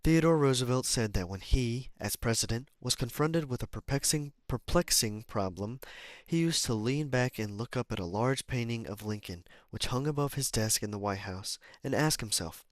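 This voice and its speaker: Reading a self-help book at a moderate pace, a man with a mid-pitched, animated voice keeps tripping over words and starting lines again. He adds offhand comments and apologies as he corrects himself, recorded at studio quality with no room sound.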